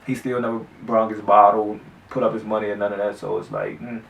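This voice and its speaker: A man's voice: lowish voice, little pitch movement, brisk, gravelly. A man casually telling his own story time, loose and profane, acting out what people said. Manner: loose, profane street storytelling with acted quotes. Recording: echoey room, mic at a distance.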